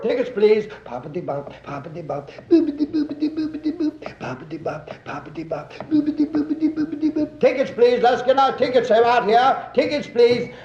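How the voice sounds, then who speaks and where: A man's voice: very high-pitched, fairly even intonation, moderate pace, few pauses, a little mellow, roomy sound, dull audio, pitched above the performer's own voice. A man voicing a train conductor who chants nonsense station names and rhythmic train sounds. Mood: sing-song. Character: sing-song male train conductor calling stops.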